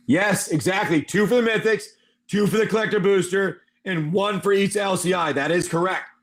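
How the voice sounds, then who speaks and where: A man hosting a live stream and narrating a tabletop game with animated, excitable storytelling. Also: high-pitched, fairly quick.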